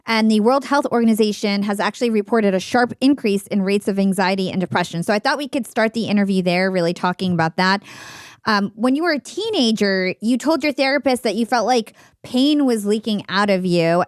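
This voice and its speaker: A woman hosts an interview podcast, reading her introduction and questions from prepared notes in a measured, earnest tone. Her pitch is mid-range for a woman. The close mic gives a dry sound with no room echo. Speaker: podcast host.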